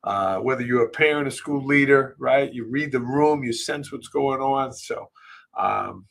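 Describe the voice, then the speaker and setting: A middle-aged man, hosting a live podcast and telling a personal story, emotional and halting, with many fillers and restarts. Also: mid-range voice, gravelly, fairly bright tone. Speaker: podcast host.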